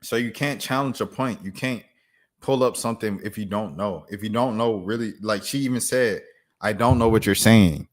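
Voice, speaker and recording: A laid-back man with a low voice, musing aloud on a stream. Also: moderate pace. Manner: loose, slangy, thinking aloud while reacting to news. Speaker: streamer host. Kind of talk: casual live-stream commentary.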